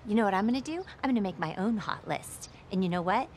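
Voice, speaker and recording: A woman's voice: mid-range voice, animated, fast talker, darkish tone, a little hiss or hum, lightly acted. A woman playing a ranting hot-tempered mom. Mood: taunting. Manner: ranting, taunting, then flustered apologies. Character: hot-tempered pregnant mother, fortyish, quick to rant. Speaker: mother. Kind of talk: film comedy acting.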